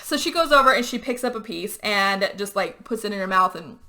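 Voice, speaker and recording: Bright-voiced woman recapping a movie. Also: medium pitch, a little fast. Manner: animated retelling with quoted character voices, lots of "like". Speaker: podcast host. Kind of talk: casual movie recap chat.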